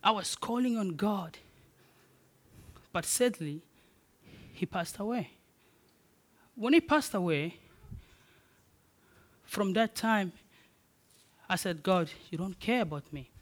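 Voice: medium pitch, animated, slow, pauses often. A preacher giving a sermon, telling personal stories and repeating key phrases in emphatic, rising declarations. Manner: personal storytelling.

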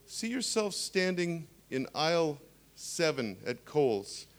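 Animated man preaching a lively sermon. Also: a little high, slow. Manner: animated, storytelling, humorous asides.

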